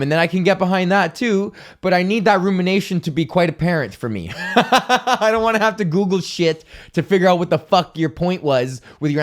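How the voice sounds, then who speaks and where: A young man hosting his own comedy podcast, ranting casually, swearing a lot and laughing at his own jokes. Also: fairly high pitch. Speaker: podcast host.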